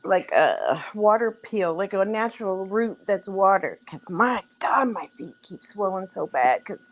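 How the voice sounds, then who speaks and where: A woman's voice: mid-range voice, lively intonation, a little slow, slight background noise, poor audio. A woman in a casual group chat, plain-spoken and chatty, airing complaints. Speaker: participant.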